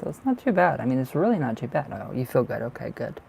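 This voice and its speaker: A man's voice: medium pitch, big pitch swings, fast talker, gravelly, a little mellow, a little hiss or hum. A man giving live tarot readings on a stream, chatty and reassuring, full of fillers and emotion. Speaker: tarot reader.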